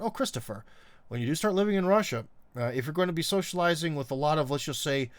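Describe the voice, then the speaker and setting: A man's voice: on the high side, lively intonation, fast talker, dry recording. A middle-aged man hosting a live stream, chatting casually and reading viewer comments in a rambling, wry way, full of ums and uhs. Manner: wry, teasing.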